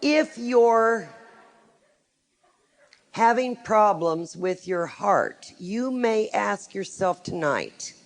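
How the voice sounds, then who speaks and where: A middle-aged woman speaks to a group in a live talk, her voice gravelly and set at a middle pitch. She is a psychic who tells stories frankly and with dry humor. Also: big pitch swings, extremely slow. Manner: wry, frank storytelling with humor. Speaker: psychic giving a lecture.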